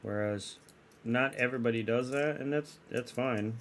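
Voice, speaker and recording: A man's voice: mid-range voice, normal speed, a bit bright, a little hiss or hum. A man streaming live, chatting casually with his viewers in a rambling way and often restarting his sentences. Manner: rambling, self-correcting, chatty.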